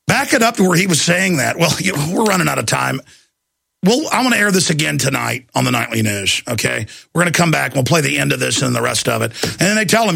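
A man's voice: a little high, animated, fast, creaky, sharp tone, husky. A man hosting a show, commenting on a video clip in a sarcastic, indignant way. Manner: sarcastic, indignant, laughs a lot. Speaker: TV show host.

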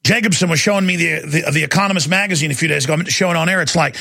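Gravelly man in a sarcastic rant. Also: fairly high pitch, rapid-fire, hardly any pauses, pushed and bright, no echo, clean studio sound. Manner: angry, sarcastic ranting. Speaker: talk show host. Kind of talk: ranting talk show monologue.

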